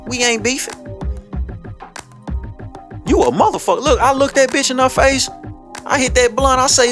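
A man's voice: extremely high pitch, moderate pace, pauses often, faint music behind. A man hosting a commentary show, ranting bluntly in profane street talk and telling stories with a lot of energy. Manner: blunt, heavy cursing, animated storytelling.

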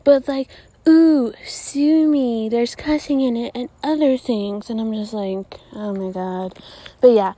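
A young woman hosting a podcast speaks at normal speed in a voice on the high side. She delivers a casual rant that's profane, exasperated and animated.

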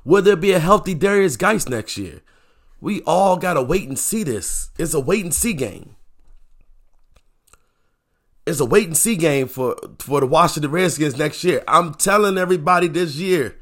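A man hosting a casual sports opinion show, talking in an animated, repetitive way and firing off rhetorical questions. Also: fairly high pitch, moderate pace.

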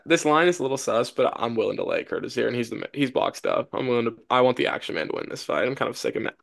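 A brash man with a gravelly, slightly rough voice talks through his fight bets in slangy podcast banter. He argues hard and laughs often. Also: medium pitch, lively intonation, racing. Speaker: podcast co-host, betting picks. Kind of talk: casual sports betting chat.

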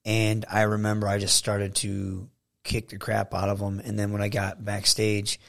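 Gravelly-voiced man telling stories. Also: on the low side, normal speed. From Saginaw, Michigan, USA. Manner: animated, acts out quotes in a raised voice. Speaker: guest, professional wrestler. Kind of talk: casual interview storytelling.

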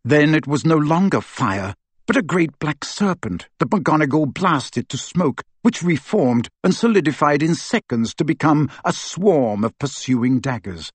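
A man reads a fantasy novel aloud, lively and expressive, his pitch rising and falling with the action. His voice is slightly breathy and recorded close and dry. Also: measured pace, dry recording. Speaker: audiobook narrator. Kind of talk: scripted narration.

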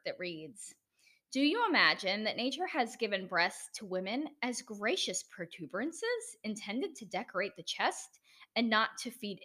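Woman, American accent, podcast host, solo episode, enthusiastic, chatty, bright voice. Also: medium pitch. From United States. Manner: enthusiastic, chatty, self-deprecating asides. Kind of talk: solo educational podcast talk.

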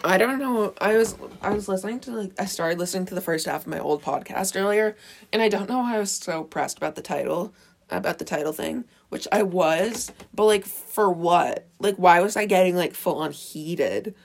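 A woman's voice: lowish voice, normal speed, vocal fry. A woman hosting a casual solo podcast, rambling, sarcastic and correcting herself, recorded on a phone. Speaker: podcast host.

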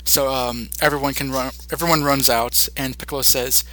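A man's voice: medium pitch, fairly even intonation, moderate pace, hardly any pauses, sharp tone, no room sound. A young man hosting a podcast, casually retelling a cartoon episode with many fillers and restarts. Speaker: podcast host.

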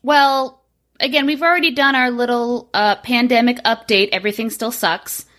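A woman's voice: a little high, steady tone, normal speed, a bit bright. A woman in her thirties co-hosting a podcast, chatting casually with lots of swearing, fillers and laughs. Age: 30s. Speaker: podcast co-host.

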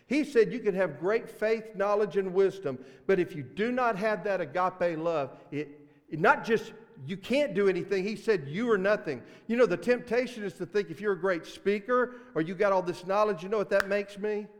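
A man with a Mississippi accent preaching a sermon as pastor, earnest, swinging between loud emphasis and hushed asides. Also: sits high, normal speed, big-room sound. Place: church sanctuary.

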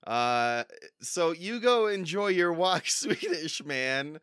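A man's voice: a little high, animated, slow pace, fairly bright tone, clear, resonant tone, no echo, clean studio sound. A man hosting a comedy podcast, playful and rambling, often breaking into laughter. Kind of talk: casual comedy podcast chat.

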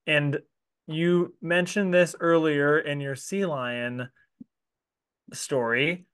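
Smooth-voiced enthusiastic male host. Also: on the high side, steady tone, takes it slowly, a bit bright, no echo, studio quality. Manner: enthusiastic, affirming. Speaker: podcast host. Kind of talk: interview questions.

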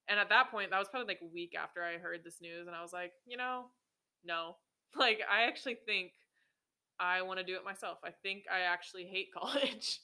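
A woman's voice: on the low side, brisk, bright, forceful tone, clean tone. A woman in her twenties telling her own story on a podcast, casual and full of swearing and filler words. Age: 20s. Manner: casual, swears often, many ums and likes. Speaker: podcast host.

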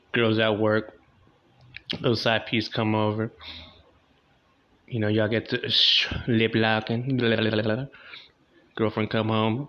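A man's voice: on the low side, flat delivery, a little slow, long pauses, fairly bright tone. A young man doing a loose, crude, slangy stand-up comedy monologue, in a dull lo-fi recording.

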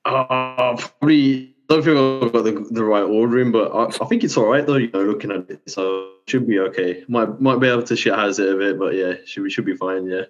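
A man's voice: fairly low pitch, a little fast, hardly any pauses, faint music behind. A man co-hosting a podcast in a laid-back, slangy and bantering way. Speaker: podcast co-host. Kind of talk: casual podcast chat. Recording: dull lo-fi sound.

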